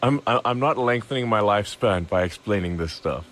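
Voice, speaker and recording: A man talking as a podcast guest in a casual interview, halting and full of restarts and fillers. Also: fairly low pitch, expressive, a bit bright. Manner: halting, repeats words, many fillers.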